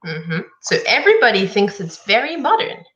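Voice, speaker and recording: A woman teaching an online English lesson, explaining words clearly and encouragingly. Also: mid-range voice, big pitch swings, moderate pace, a bit bright, muffled recording.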